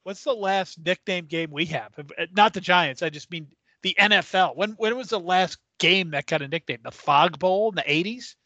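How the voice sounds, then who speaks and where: Male co-host, high bright voice, blunt interjections, dry sound. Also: no echo, dull audio. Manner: quick agreeing interjections, blunt. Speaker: podcast co-host. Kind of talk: casual sports chat.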